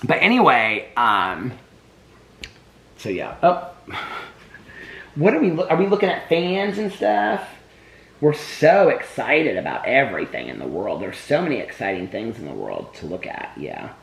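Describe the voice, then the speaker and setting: Man vlogging from home, cooing baby talk to his dogs, loose rambling asides, very animated voice. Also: mid-range voice, measured pace, vocal fry. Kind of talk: casual daily vlog. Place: home, indoors.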